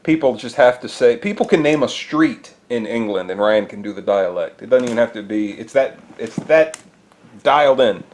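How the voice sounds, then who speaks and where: A man's voice: mid-range voice, animated, normal speed, a little hiss or hum. A man co-hosting a casual chat who teases his partner in a playful way. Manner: playful, teasing. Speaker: podcast co-host.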